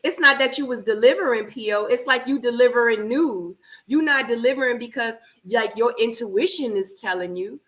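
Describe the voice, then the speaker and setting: A woman hosting a live reaction stream from her home office, a little hoarse from being under the weather, animated and laughing as she talks back to the screen. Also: fairly high pitch, moderate pace, hardly any pauses, rough recording. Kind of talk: casual live watch-party chat. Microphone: camera microphone.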